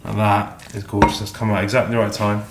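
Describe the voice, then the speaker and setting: A man's voice: fairly low pitch, completely flat delivery, fast, very noisy. Sweary man in an echoey kitchen. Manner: chatty, sweary, self-deprecating. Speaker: musician vlogger. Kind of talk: casual rambling vlog. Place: home kitchen, cooking. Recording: echoey kitchen with faint clatter.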